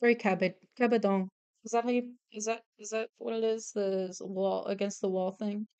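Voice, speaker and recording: A young woman chats away casually while drawing on stream, her voice smooth and clean. She gets excitable and swears freely, rambling from one thought to the next. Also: medium pitch, a little fast. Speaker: artist streamer.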